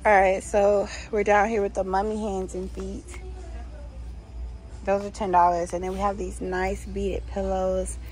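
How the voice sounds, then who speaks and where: A woman's voice: medium pitch, little pitch movement, measured pace, a little mellow, rough recording. Woman gushing through a store vlog. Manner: chatty, gushing over decor, reads signs aloud. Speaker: vlogger. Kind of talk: casual shop-along vlog. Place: inside a store.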